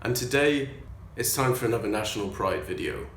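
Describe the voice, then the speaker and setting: A man's voice: medium pitch, brisk, a little hiss or hum. A man reviewing a film in a put-on Welsh accent, speaking in a jokey, conversational way. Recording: echoey room with loud music.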